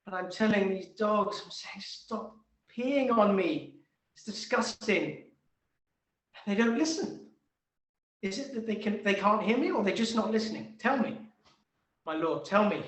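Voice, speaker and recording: A man's voice: high voice, animated, unhurried, long pauses, echoey room, pitched above the performer's own voice. A man voicing a bitter, furious old male tree that wails, sobs and rants indignantly at God. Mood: angry ranting. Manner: wailing, shouting, sobbing outbursts. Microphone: video call.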